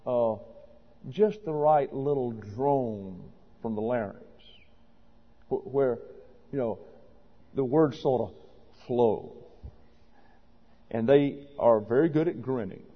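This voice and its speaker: A man's voice: mid-range voice, slow, long pauses, husky. A man preaching a sermon to a congregation, emphatic and wry, with sarcastic asides. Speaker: pastor. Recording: dull audio with long reverb.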